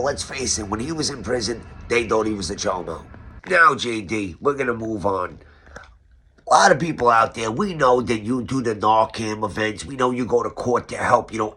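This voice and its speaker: A man with a New York accent hosts a comedic roast framed as an interview. His voice is slightly husky, and he delivers each question with sarcastic, mock-serious emphasis. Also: medium pitch, pushed and bright. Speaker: roast host.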